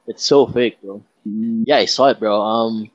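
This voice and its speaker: A man's voice: fairly low pitch, steady tone, measured pace, no room sound. A man in a casual podcast chat, slangy and swearing a lot, often saying "bro.". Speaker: podcast co-host. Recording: slightly dull dry recording.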